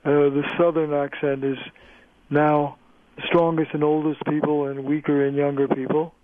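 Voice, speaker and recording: An older man, a linguist, explaining things in a measured lecturing way during a phone-in radio interview. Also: a little high, little pitch movement, dry recording. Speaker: linguist guest. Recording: tinny phone line.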